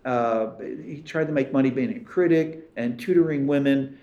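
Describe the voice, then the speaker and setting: A man's voice: medium pitch, normal speed, dark tone, dull audio. A man speaking as a guest expert in an interview, emphatic and dismissive of myths. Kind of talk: interview discussion. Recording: roomy echo.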